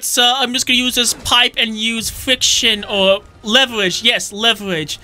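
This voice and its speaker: A man talks through his gameplay with jokes and excitable running commentary. His voice is very bright and sharp, and he often bursts into shouts. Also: very high-pitched, a little fast, hardly any pauses. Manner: jokey, excitable, shouts reactions. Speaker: let's play host.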